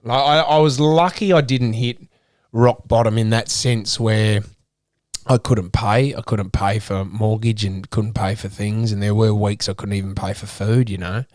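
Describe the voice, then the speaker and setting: An Australian man in his thirties speaks as an interview guest, candid, earnest and emotional, restarting his sentences again and again. His voice sits on the low side, steady and a little slow, with a slightly mellow tone. The studio-quality recording has no room sound.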